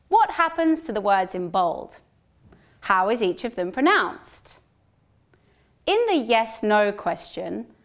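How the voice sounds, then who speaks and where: A woman teaching English pronunciation in a slow, carefully articulated, scripted narration. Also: on the high side. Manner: slow, careful, clearly articulated, modeling example sentences.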